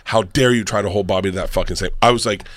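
A man with a lowish voice tells rowdy stories on a podcast, laughing as he goes. The sound is dry and close to the mic. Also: steady tone, rapid-fire, dry recording. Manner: loud storyteller, laughs while talking. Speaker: guest comedian. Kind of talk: casual podcast banter.

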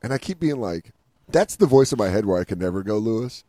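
A man's voice: on the low side, quick pace, no room sound, clean studio sound. A young man hosting a podcast, telling a story casually with lots of swearing and acted-out dialogue. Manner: animated, profane, acts out dialogue. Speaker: podcast host.

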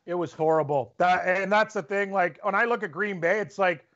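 A man from Canada holds forth on a sports podcast with a high, lively voice. He rants with strong opinions. The audio is dull and lo-fi. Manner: animated, opinionated, quick to rant. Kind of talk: casual sports debate.

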